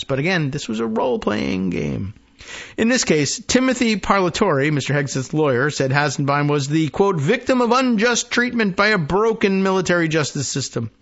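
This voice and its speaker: A man's voice: a little high, a bit bright, lo-fi sound. A man hosting a political talk show, reading news aloud with sarcastic asides and mock quotes. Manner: sarcastic, mocking, acts out imagined quotes.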